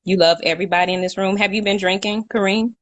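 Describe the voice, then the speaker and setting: In a dry recording, a young female co-host speaks quickly in a steady, medium-pitched voice. She's talkative and often laughing during the casual live chat, reading viewer comments aloud as she goes.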